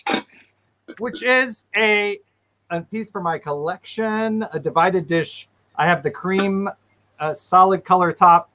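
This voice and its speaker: A man's voice: high-pitched, takes it slowly, sharp tone. A man from co-hosting a live stream, a bit out of breath, playfully showing off items from his collection. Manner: chatty, playful show-and-tell of collectibles. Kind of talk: casual live-stream chat. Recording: live stream with faint noise.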